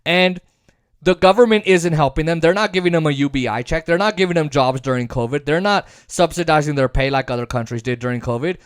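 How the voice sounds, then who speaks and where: A man giving a casual political rant as a commentator, sarcastic and heated, his voice climbing into shouts. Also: fairly high pitch, brisk, smooth, no echo, clean studio sound.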